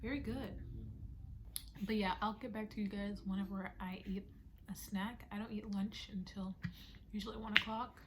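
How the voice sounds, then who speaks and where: A woman's voice: medium pitch, fairly even intonation, moderate pace, long pauses, noisy background. Chatty young woman vlogging on her phone. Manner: chatty, playful, self-teasing, drops into whispers. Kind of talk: casual vlog chat.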